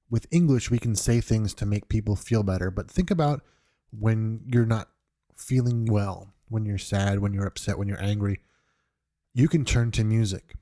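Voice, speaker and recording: Podcast host, male, from New York, earnest and reflective, mellow and lowish, unscripted monologue. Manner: earnest, reflective, with frequent restarts.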